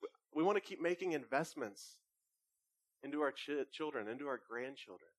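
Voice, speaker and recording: A man's voice: fairly high pitch, moderate pace, no room sound. Conversational male pastor preaching in a dry room. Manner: conversational preaching with animated anecdotes. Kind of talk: sermon.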